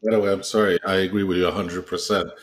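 A man's voice: sits low, flat delivery, rapid-fire, slight background noise. A man co-hosting a gaming podcast, chatting casually and rambling a bit with lots of fillers. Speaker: podcast co-host. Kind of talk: casual chat.

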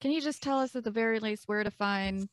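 A woman's voice: a little high, quick pace, no echo, studio quality. A woman playing a tabletop game, casual and blunt, stumbling over her starts. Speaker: player.

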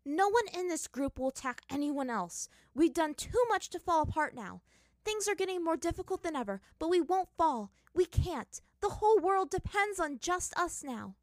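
A woman's voice: extremely high pitch, very animated, moderate pace, no room sound, clean studio sound, voice pushed up, exaggerated voice. A woman voicing a fierce, hot-tempered teenage girl who scolds sharply, in a fan fiction reading. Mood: scolding. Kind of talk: fan fiction read aloud.

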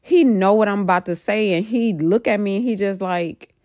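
A woman's voice: medium pitch, normal speed, darkish tone, dry recording, clean studio sound. A middle-aged woman casually recounting a dream in a rambling, emphatic way, full of fillers. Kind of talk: casual storytelling about a dream.

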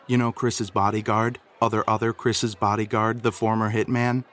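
A man leaving a rambling, comedic voice message for a podcast, flustered and jumping into a higher voice when he gets worked up. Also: little pitch movement, moderate pace, hardly any pauses, fairly bright tone.

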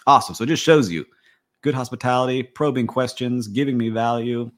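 A man's voice: mid-range voice, brisk. Easygoing man telling a story. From Miami, USA. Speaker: podcast co-host. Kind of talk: casual chat.

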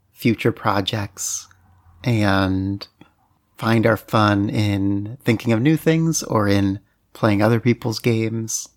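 A man co-hosting a podcast in casual chat, making dry, wry quips. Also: on the low side. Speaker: podcast co-host.

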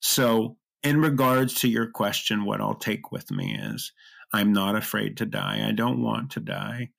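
A middle-aged man telling a personal story as an interview guest, earnest and emotional, with halting restarts. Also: lowish voice, big pitch swings, gravelly, fairly bright tone.

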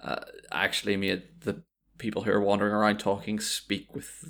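A man with a deep, gravelly voice chatting casually about games. He rambles along, restarting sentences and filling pauses as he goes. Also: little pitch movement, a bit bright. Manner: rambling, many fillers and restarts.

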